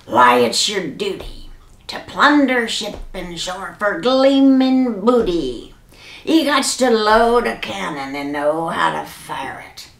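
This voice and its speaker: A woman voicing a gruff, bossy male pirate captain who bellows in pirate slang in a children's storybook reading. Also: mid-range voice, animated, slow pace, roomy sound. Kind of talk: storybook read-aloud for children.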